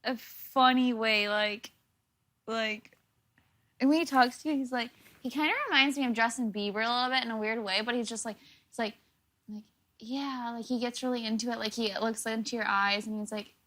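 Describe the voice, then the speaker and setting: Young woman interviewee, bright and high, chatty storyteller. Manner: rapid, filler-heavy, animated. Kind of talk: casual storytelling.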